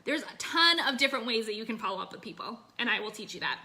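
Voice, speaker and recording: A woman's voice: fairly high pitch, animated, quick pace, sharp tone. A woman business coach talking casually and energetically to her online group from her phone, full of fillers and "you guys".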